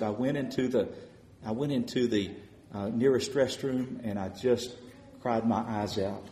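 A man preaching a sermon, telling stories of answered prayer and swelling louder as he retells people's words. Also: medium pitch, unhurried, reverberant, a little hiss or hum.

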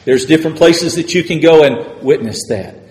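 A man's voice: fairly high pitch, normal speed, a little mellow. A man preaching a sermon, retelling a scripture story dramatically and repeating words as he builds. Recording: echoey hall reverb.

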